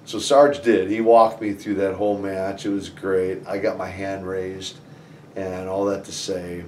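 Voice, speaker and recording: A man's voice: low-pitched, flat delivery, a little slow, a little mellow, a little hiss or hum. A man guest on an interview, telling a story animatedly with lots of restarts and "you know"s. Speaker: interview guest, former wrestler. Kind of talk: conversational storytelling. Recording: roomy, somewhat distant from the mic.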